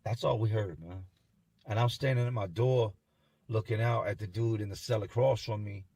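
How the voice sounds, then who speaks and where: A man telling a first-person story in a somber, halting way, as if haunted. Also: lowish voice, mellow, breathy edge, no echo.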